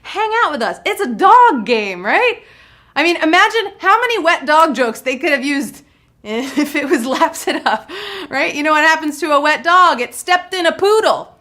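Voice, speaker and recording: Bubbly high-voiced woman quiz host. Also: sing-song, moderate pace, pushed and bright. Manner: bubbly, punny, playful banter. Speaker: trivia game show host. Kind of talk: live quiz show hosting.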